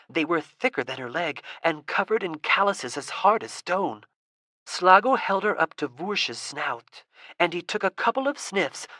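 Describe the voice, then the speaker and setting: A woman reading a fantasy audiobook with a low voice. Her narration is steady and expressive, recorded dry and close with no room sound. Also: no echo. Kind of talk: scripted narration.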